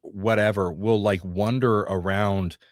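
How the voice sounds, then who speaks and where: A man's voice: on the low side, fairly even intonation, a little slow, no echo, studio quality. A middle-aged man hosting a casual livestream, rambling and joking while reading from notes and viewer comments. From Northeast Georgia, US. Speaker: livestream co-host.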